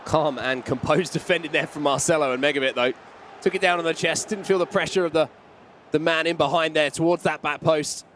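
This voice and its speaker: High-voiced male play-by-play caster. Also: a little fast, a little hiss or hum. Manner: excitable, rising on big chances. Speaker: esports commentator. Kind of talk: play-by-play commentary.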